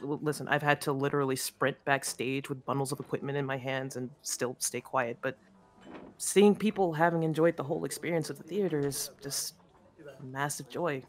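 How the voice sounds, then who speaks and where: A man's voice: mid-range voice, fairly even intonation, normal speed, natural voice. An actor playing a friendly young male stagehand who chats eagerly and casually.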